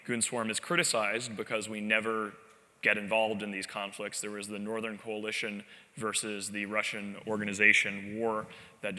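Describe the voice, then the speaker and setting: A man's voice: fairly low pitch, pushed and bright. A man giving a live conference presentation in a convention hall, talking conversationally with frequent fillers and wry emphasis. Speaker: conference speaker. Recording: long hall reverb from a convention stage.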